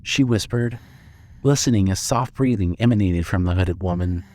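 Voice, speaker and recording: A man narrating a fan audio drama with steady storytelling. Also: lowish voice, normal speed.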